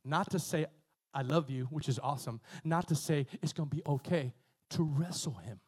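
A man preaching a sermon, retelling a story in a lively, conversational way, with many repetitions and asides to the congregation. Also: fairly high pitch, normal speed, breathy edge. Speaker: pastor.

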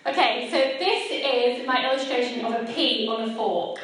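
High-voiced woman giving a talk in a hall. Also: normal speed, heavy background noise. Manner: chatty, self-deprecating, engages the audience directly. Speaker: speaker at a church gathering. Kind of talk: personal faith talk to an audience. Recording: echoey hall picked up from a distance.

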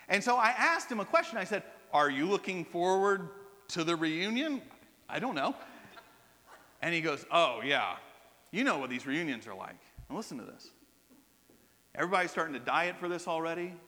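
A pastor in his forties preaching a sermon, telling a personal story with animated, self-mocking asides. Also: on the high side, long reverb tail.

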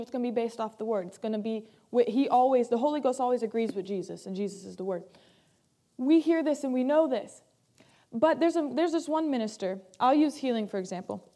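A woman's voice: high voice, dark tone. A woman pastor, praying fervently and then preaching a sermon to her church. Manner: fervent, rising and swelling in prayer. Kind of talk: sermon with opening prayer.

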